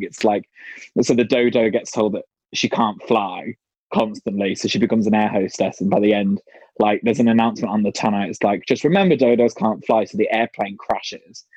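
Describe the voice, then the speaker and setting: A man's voice: fairly low pitch, darkish tone, dry recording, muffled recording. A man, a drag performer, chatting casually on a panel and laughing through his stage stories.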